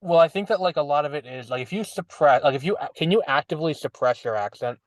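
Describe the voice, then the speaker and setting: A man's voice: fairly high pitch, lively intonation, quick pace, dry recording. A man in his twenties with a slight lisp, co-hosting a casual podcast chat in a teasing, rambling way and laughing often. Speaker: podcast co-host.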